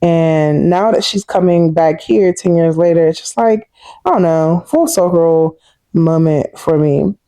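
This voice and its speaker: A woman in her thirties talking casually and warmly to her viewers in a personal vlog, chatty and heartfelt. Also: lowish voice, animated, a little slow, no echo. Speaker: vlogger.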